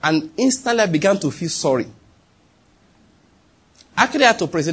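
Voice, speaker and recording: Male preacher, high husky voice, animated sermon delivery with acted-out quotes and loud-to-hushed swings. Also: brisk, long pauses.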